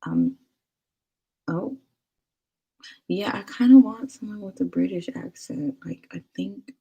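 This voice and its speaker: A woman's voice: medium pitch, expressive, takes it slowly, vocal fry, dark tone, slightly rough. A young woman hosting a casual livestream, chatting with viewers and reading their comments, with laughs and whispered asides. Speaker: livestream host.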